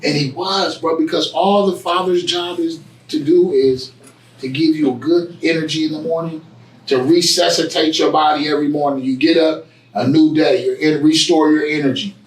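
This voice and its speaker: A man telling his story in a casual interview, with preachy, animated storytelling and street slang. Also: fairly high pitch, normal speed, reverberant, distant mic, rough recording. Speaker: guest, barbershop owner. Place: barbershop.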